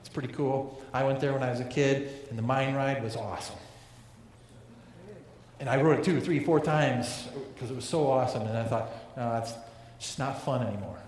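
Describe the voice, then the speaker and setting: A male pastor preaching a sermon in an earnest way, often repeating words and restarting his sentences. His voice sits at a middle pitch. It rings out through a big hall with a long, heavy echo and faint room ambience behind it. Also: fairly even intonation, normal speed, a little mellow, a little hiss or hum. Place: large church hall. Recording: echoey hall with long reverb.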